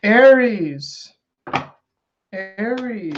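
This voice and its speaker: Guy doing a chatty tarot reading, kinda high voice, rambles a lot, muffled lo-fi sound. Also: normal speed, background noise. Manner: rambling, conversational, many fillers and repetitions. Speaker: astrology and tarot reader. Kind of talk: casual spoken tarot reading. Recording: dull lo-fi sound.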